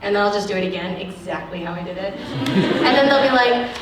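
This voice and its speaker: An actress speaking frankly at a lecture, acting out the people she quotes in an animated way. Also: medium pitch, quick pace, hardly any pauses, background noise. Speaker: actress giving a guest lecture. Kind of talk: candid talk at a lecture Q&A. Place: lecture hall. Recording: echoey hall, distant mic.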